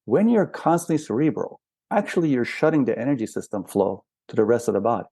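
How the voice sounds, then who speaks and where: A man's voice: mid-range voice, animated, fast talker, warm tone, dry recording. An older man, a spiritual counselor and guest, explaining patiently and asking rhetorical questions in a reflective interview.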